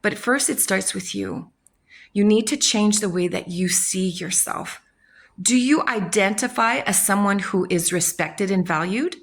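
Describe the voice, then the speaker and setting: A woman's voice: mid-range voice, measured pace, gravelly. A woman hosting a self-help channel, speaking in a frank, casual motivational talk, swearing freely and acting out people's inner voices.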